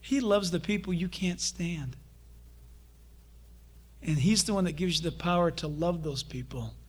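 A man preaching a sermon as pastor, animated, acting out the voices of the people he quotes. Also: a little high, a little slow, slightly rough.

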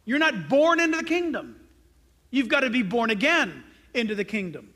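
A man's voice: very high voice, sing-song, moderate pace, sharp tone. A male pastor preaching a sermon, emphatic and direct, firing rhetorical questions at his congregation.

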